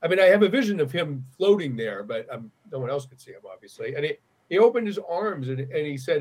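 Middle-aged man, husky, earnest storyteller who stumbles and restarts as he talks. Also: fairly high pitch, lively intonation, fast talker, hardly any pauses, a little mellow. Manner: earnest, restarts often when moved. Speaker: guest. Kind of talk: conversational storytelling.

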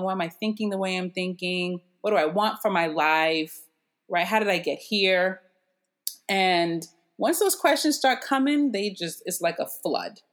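Telling her story in a relaxed interview, this middle-aged female guest speaks in a mid-range voice. She stays animated throughout, frequently laughing as she imitates what others told her.

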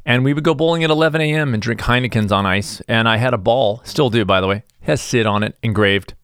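A man's voice: mid-range voice, fast talker, a bit bright, clear, resonant tone, dry recording, clean studio sound. A man hosting his own show, talking in a rambling, self-deprecating, stop-start comedic monologue. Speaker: host.

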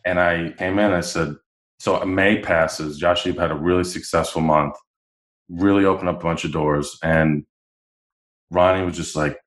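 A man's voice: low-pitched, moderate pace. A man, a podcast guest, telling stories in a casual interview and acting out the lines of people he quotes. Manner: animated, acts out quoted dialogue. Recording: roomy echo.

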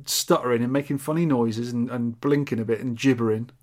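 Dry-humored British podcast host. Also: male voice, medium pitch, fairly even intonation, brisk, a little mellow. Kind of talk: casual chat, reading listener emails.

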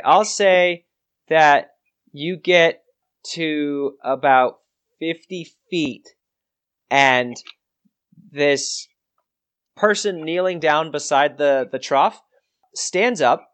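A man narrating a tabletop game as game master, descriptive and unhurried with frequent restarts. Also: a little high, a bit bright.

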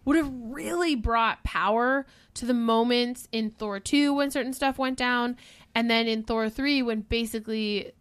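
Woman, slightly high voice, enthusiastic film chat, dry sound. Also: measured pace, clear, resonant tone, no echo. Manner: enthusiastic, animated. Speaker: podcast co-host. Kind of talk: casual movie discussion.

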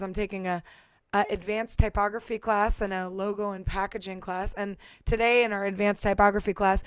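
A woman's voice: mid-range voice, clear, resonant tone, no echo. Chatty woman, dry close sound. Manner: chatty, many fillers and restarts. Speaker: musician and podcast guest. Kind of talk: casual chat. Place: San Diego.

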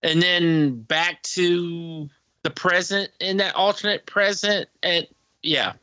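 A man speaks slowly and haltingly in casual podcast chat, with a bright, forward voice. The sound is dry and close. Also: sits high, steady tone, clean tone, dry recording. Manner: hesitant, halting, laughs often. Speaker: podcast co-host.

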